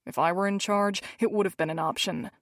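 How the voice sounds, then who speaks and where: A woman's voice: medium pitch, steady tone, a little fast, no room sound, close to an everyday voice. A woman narrator puts on a protective mafia man who barks curt orders. His tone stays bored and in control. It is a dry, close storybook read. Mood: commanding. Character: commanding older brother, protective mafia man.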